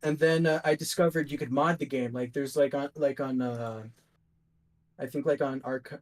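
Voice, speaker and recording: A man's voice: mid-range voice, steady tone, moderate pace. A young man, a guest artist, chatting casually in a rambling, upbeat way with lots of fillers. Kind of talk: casual chat.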